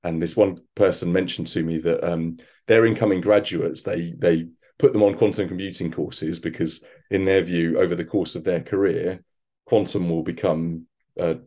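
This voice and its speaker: Deep-voiced man, halting and thoughtful. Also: fairly even intonation, a little mellow. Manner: thoughtful, halting with many restarts. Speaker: quantum computing expert guest. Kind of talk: conversational interview.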